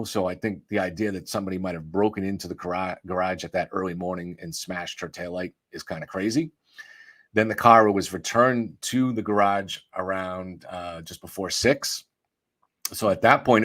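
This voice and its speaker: A man's voice: low voice, fairly bright tone. A man reading a magazine article aloud and stopping often to add his own commentary, thinking aloud as he goes. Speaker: true-crime commentator.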